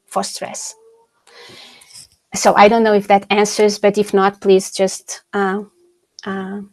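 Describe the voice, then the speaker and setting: A woman researcher takes audience questions in an online academic Q&A, speaking slowly and hesitantly with plenty of fillers and restarts. Her voice sits in a middle pitch. The video-call sound is dry and close. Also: darkish tone, no echo. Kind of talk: academic webinar Q&A.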